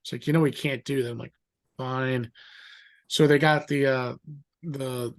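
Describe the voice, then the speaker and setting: A middle-aged man telling a story in a rambling, animated way, acting out the voices of others. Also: mid-range voice, a little slow. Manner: animated, acts out quoted voices; rambling with fillers and restarts. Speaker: guest. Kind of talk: casual storytelling.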